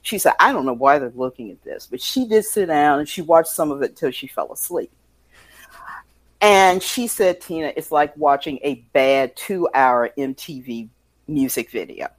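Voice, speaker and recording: Speaking at normal speed in a voice that sits low, a woman co-hosting a podcast chats casually. She's an animated storyteller who laughs often and acts out the quotes in her stories.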